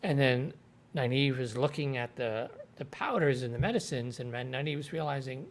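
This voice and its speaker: A man's voice: mid-range voice, normal speed. A man hosting a livestream, casually retelling a TV episode in a rambling way and quoting the characters. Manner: rambling retelling with quoted voices. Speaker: show reviewer.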